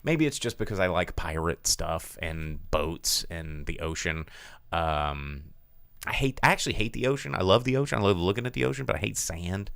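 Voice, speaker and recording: Rambling, animated low-voiced man. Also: moderate pace, creaky, no room sound. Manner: rambling, animated, many fillers and restarts. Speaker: podcast host. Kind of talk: casual movie review chat.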